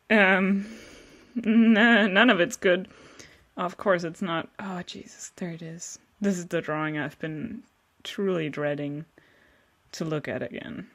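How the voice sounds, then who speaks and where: A young woman casually commenting on her old artwork, self-mocking, swearing and laughing often, often trailing off mid-sentence. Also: fairly low pitch. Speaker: vlogger.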